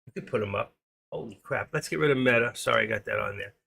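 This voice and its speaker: An older, chatty live stream host in his sixties has a bright, mid-range voice with vocal fry and a slightly rough edge, talking at a quick pace. Opinionated and rambling, he hops between anecdotes and market figures.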